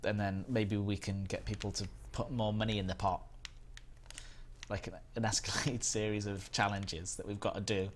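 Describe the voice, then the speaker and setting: Reading out chat as he rambles through a casual gaming live stream, this Englishman with a Northern accent speaks in a lowish, flat voice at a moderate pace. A faint hiss or hum sits under the recording.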